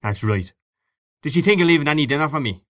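A gruff, bullying father from a storybook, with his voice raised well above the reader's own. He barks and menaces with a lively swing, as a man puts him on. The sound is close and dry. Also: on the high side, fast, no room sound, voice pushed up. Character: angry bullying father, a big brooding man.

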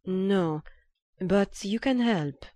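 A woman's voice: medium pitch, extremely slow, no echo. A woman reading a humble young Frenchman. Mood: earnest. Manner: insistent, quietly pleading.

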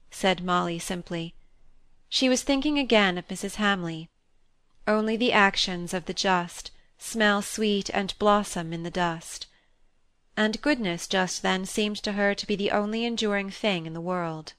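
A woman narrates a classic novel as an audiobook reader. Her storytelling is measured and even. The recording is close and dry. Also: medium pitch, clear, resonant tone, no echo.

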